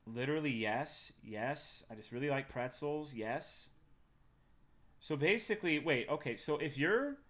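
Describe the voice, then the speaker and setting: A young man from Texas livestreaming, chatting casually to his viewers. His voice is bright and forward, at an ordinary middle pitch. The talk is loose, swear-laden and jokey. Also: lively intonation, unhurried. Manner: loose, profane, joking banter.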